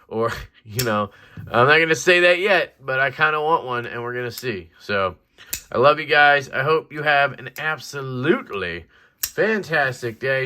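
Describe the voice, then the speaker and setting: A young man casually reviewing a knife in a rambling, excited vlog, swearing now and then. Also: mid-range voice.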